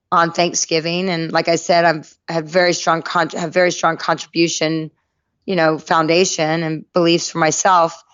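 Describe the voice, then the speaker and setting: A middle-aged woman from North Carolina, a podcast guest telling her life story in a lively way and acting out the people in it. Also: lowish voice, no echo, dull audio. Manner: lively anecdotal storyteller, acts out quoted voices. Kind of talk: storytelling interview.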